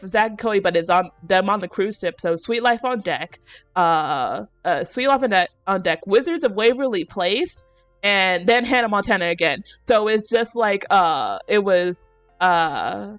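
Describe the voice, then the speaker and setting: A young woman streamer rambles through childhood stories in a loose, giggly chat, now and then tossing in a curse word. Her voice sits in an ordinary middle range. It is recorded dry and close, with soft music playing underneath. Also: medium pitch, sing-song, a little slow, no echo. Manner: rambling storyteller, laughs often, casual swearing. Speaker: VTuber streamer.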